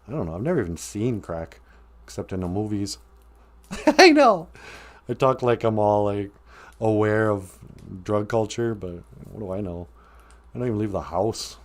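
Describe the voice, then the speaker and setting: A man's voice: fairly low pitch, a little mellow. A man hosting a casual livestream, reading out viewer comments and rambling with jokes, frequent laughs and affectionate asides. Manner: giggly, rambling, jokey, calls people sweetie.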